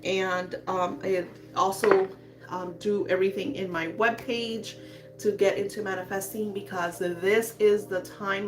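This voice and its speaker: Female psychic reader, soft and reassuring, mid-range voice, faint music underneath. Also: medium pitch, fairly even intonation, unhurried. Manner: soft, soothing, spiritual affirmations. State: emotional. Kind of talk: live psychic reading.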